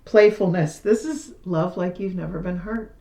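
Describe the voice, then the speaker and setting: A woman doing a casual tarot reading, chatty and self-deprecating, her voice still a little hoarse after losing it. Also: on the low side, normal speed, dark tone, echoey room, a little hiss or hum. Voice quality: slightly hoarse, recovering from lost voice. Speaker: tarot reader. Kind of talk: casual tarot reading, reading card texts aloud.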